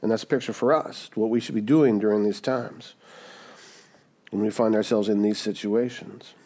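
A man's voice: fairly low pitch, steady tone, normal speed, warm tone. A man preaching a sermon in a conversational, emphatic way, often checking in with the listeners. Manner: conversational, emphatic, with frequent "right?" asides. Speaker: pastor.

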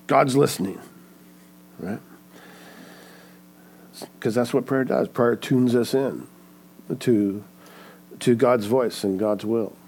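A man's voice: mid-range voice, a little mellow. A man preaching a sermon in an earnest way, often checking in with "right?". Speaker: pastor.

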